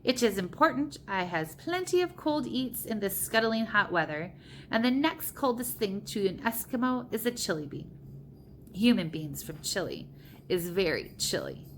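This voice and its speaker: A woman voicing a huge, greedy man-eating male giant who roars and bellows slowly. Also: mid-range voice, very animated, slight background noise, lightly acted. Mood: roaring. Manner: roaring and bellowing, slow and menacing.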